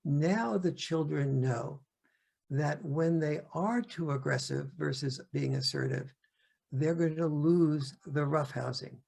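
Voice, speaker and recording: A man's voice: on the high side, creaky, a little mellow, slightly rough. An older man giving a talk over a video call, often restarting and searching for words. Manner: halting, many restarts and fillers. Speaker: guest speaker. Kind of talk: lecture-style talk.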